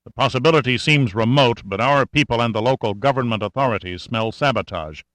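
A man reading an audiobook who voices a weary, grave male admiral speaking over the radio, measured and grim. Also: medium pitch, fairly bright tone, dry recording, lightly acted.

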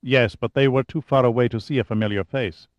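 A man's voice: mid-range voice, steady tone, a little fast, no echo, highs cut off, natural voice. A man playing a cold Soviet agent. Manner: cold, disinterested.

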